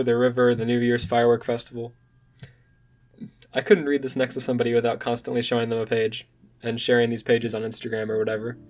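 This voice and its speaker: A man's voice: mid-range voice, darkish tone. A young man recapping and recommending a manga in a casual, enthusiastic vlog. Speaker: manga reviewer.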